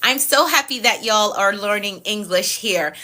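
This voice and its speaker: A woman with a Jamaican accent, a productivity coach talking to her live-stream viewers. She recites declarations in a steady pattern and repeats phrases for emphasis. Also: mid-range voice, moderate pace. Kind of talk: live-stream motivational talk with spoken decrees.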